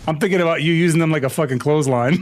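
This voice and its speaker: A man's voice: on the high side, racing, slight background noise. A man chatting casually on a live stream, telling crude jokes and breaking into frequent laughter.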